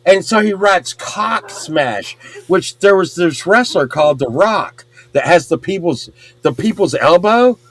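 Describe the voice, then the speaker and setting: A middle-aged man with a drawl tells a rowdy story, his pitch leaping all over. He sits a little high for a man and swears freely, loudly acting out everyone he quotes. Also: lively intonation, measured pace. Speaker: podcast host. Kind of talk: casual storytelling chat.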